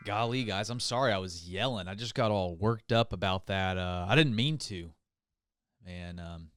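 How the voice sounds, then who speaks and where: A man's voice: fairly low pitch, animated, moderate pace, a bit bright, smooth. A man hosting a comedy podcast, rambling through a hyped, mock-enthusiastic monologue. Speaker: podcast host.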